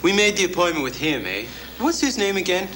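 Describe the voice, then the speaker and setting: A man's voice: high voice, very animated, brisk, sharp tone, a little hiss or hum, exaggerated voice, rough recording. An actor playing a dim, lazy young Canadian slacker who whines in slang and tags his lines with "eh". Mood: goofy. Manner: slangy, whiny, ends lines with "eh". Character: dim, lazy young male beer-loving slacker brother. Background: film music.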